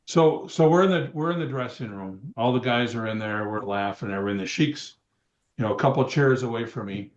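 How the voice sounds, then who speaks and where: A man on a podcast telling a backstage anecdote in an unhurried way. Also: mid-range voice, roomy sound, dull audio. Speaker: co-host. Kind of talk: storytelling on a podcast.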